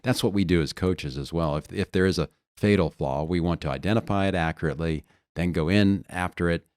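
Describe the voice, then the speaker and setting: A man's voice: sits low, a little fast, a little mellow, no echo, clean studio sound. A man coaching on leadership in a podcast conversation, earnest and explaining through stories and analogies.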